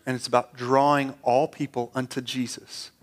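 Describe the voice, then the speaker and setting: A man's voice: mid-range voice, little pitch movement, moderate pace, soft background music. A man preaching a sermon as pastor, earnest and conversational, often repeating words as he restarts.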